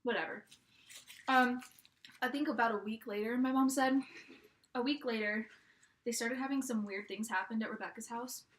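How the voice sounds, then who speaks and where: Young woman, bright tone, slightly high, rambling casual storytelling, fillers, echoey car. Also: normal speed, pauses often. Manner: rambling, filler-heavy, relaxed.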